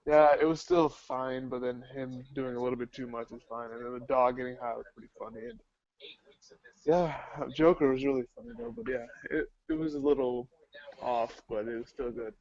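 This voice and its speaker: A man co-hosting a casual movie chat, weighing his opinions in a measured, hedging way. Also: medium pitch, a little mellow, highs cut off. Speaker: co-host, film reviewer.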